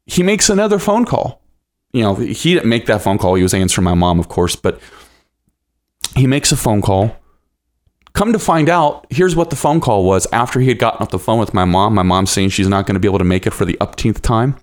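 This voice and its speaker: A man's voice: lowish voice, fairly quick. A man in his thirties hosting a podcast, telling a personal story and acting out the voices of people in it. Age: 30s. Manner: animated, acts out the voices of people in his stories. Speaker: podcast host.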